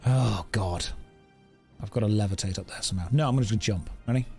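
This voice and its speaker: A man's voice: fairly low pitch, fairly quick, vocal fry, darkish tone, soft background music. A man streaming a video game, chatting playfully with viewers in casual commentary.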